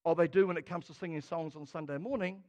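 A man preaching a sermon, expressive and dramatic, swinging between quiet asides and loud emphasis. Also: fairly high pitch, fast, in a large hall. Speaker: pastor.

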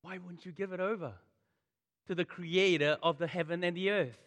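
A man's voice: sits high, fairly even intonation, moderate pace, a bit bright. A man preaching a sermon, impassioned and repeating phrases for emphasis. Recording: long reverb of a large hall.

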